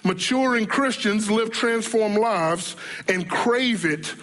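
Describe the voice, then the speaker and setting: A man preaching a sermon as a pastor, animated, acting out the whining voices of his congregation. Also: high-pitched, slow pace. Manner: animated, acts out imagined voices of churchgoers.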